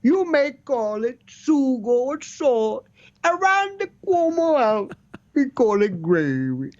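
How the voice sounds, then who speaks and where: A man's voice: very high-pitched, sing-song, slow, highs cut off, voice pushed up, heavily acted. A man doing a lilting, sing-song impression of a middle-aged male governor with a put-on almost Italian accent. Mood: folksy.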